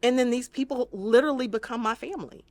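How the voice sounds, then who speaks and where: A woman with a fairly high voice talks quickly, with no audible room sound. She's a trauma-focused therapist appearing as an interview guest, speaking earnestly and reflectively and now and then performing the voices of people she quotes.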